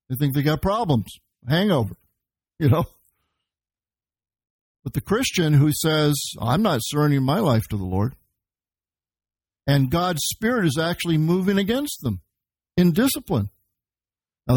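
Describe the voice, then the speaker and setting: A man preaching a verse-by-verse sermon. His voice sits a little high, and he explains the Greek words behind each passage. The sound is close and dry, with almost no room around it. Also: darkish tone, slightly rough, no echo. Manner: teaching, quoting scripture and Greek words. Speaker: pastor.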